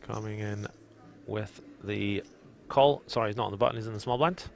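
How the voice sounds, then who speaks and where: A man's voice: lowish voice, normal speed, creaky, darkish tone, slight background noise. A man from Northern Ireland with a Northern Irish accent, calling a live poker stream in a chatty, teasing way. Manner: chatty, laughs often, teasing. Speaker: poker commentator.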